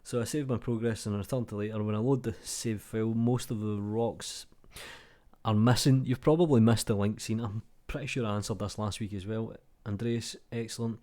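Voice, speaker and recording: A man's voice: lowish voice, fairly even intonation, normal speed, dark tone. A British man hosting his channel, reading out viewer comments in a laid-back, chatty way, swearing freely and calling people mate. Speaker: YouTube channel host.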